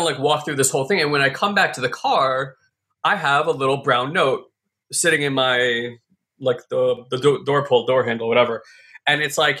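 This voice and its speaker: Man, bright and forceful voice, casual reflective storytelling, chatty with fillers. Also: medium pitch. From California.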